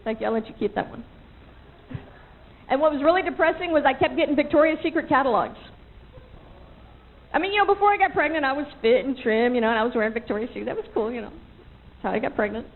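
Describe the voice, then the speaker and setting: A young woman doing a stand-up routine on a club stage, chatty and self-mocking, with quick asides to the crowd, recorded on an old VHS tape. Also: sits high, phone-quality sound. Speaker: stand-up comedian.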